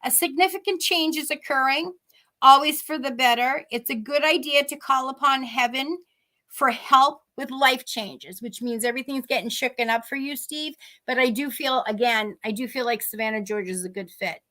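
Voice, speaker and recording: A woman's voice: sits high, normal speed, bright, forceful tone. A woman with a Boston accent, a psychic medium talking on a video call in a rambling, chatty way that keeps breaking off mid-sentence. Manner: rambling, chatty, self-interrupting. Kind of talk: live-streamed chat and readings. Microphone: video call microphone.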